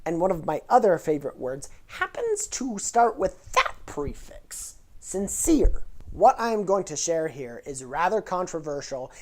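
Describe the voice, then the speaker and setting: A woman's voice: fairly low pitch, very animated, measured pace, hardly any pauses, a little hiss or hum. A woman hosting a casual educational vlog, explaining things in a playful, nerdy way. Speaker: host.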